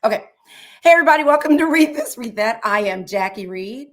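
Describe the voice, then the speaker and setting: A woman's voice: on the high side, animated, brisk. A middle-aged woman from the United States co-hosting a podcast in playful, bantering casual chat, laughing often. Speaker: podcast co-host.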